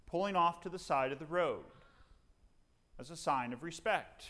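A man preaching a sermon as pastor, dramatic and full of rhetorical questions, leaning on slow, emphatic pauses. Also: a little high, bright, forceful tone.

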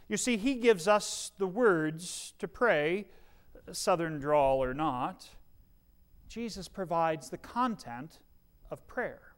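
A man's voice: a little high, lively intonation, slow pace, clear, resonant tone. A middle-aged male pastor preaching a sermon, earnest, with dry humorous asides and shifting volume.

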